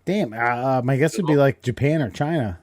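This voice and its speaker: A man's voice: mid-range voice, fairly quick, a little mellow. Hesitant laid-back podcast man. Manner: hesitant, laughs, casual swearing. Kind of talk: casual podcast chat.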